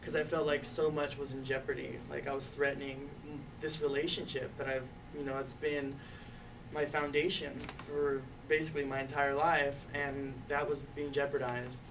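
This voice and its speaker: A man's voice: mid-range voice, level tone, normal speed. A young man telling his own coming-out story in a casual way, full of "like" and "you know" and light laughs. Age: young adult. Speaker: youth activist intern. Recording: distant mic, faint background noise.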